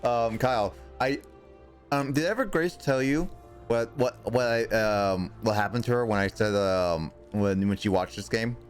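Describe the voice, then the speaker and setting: A man's voice: on the low side, measured pace. A man streaming a video game, chatting casually and reacting aloud as he plays. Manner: animated, reacting aloud to gameplay. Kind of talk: casual gaming commentary. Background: faint game music.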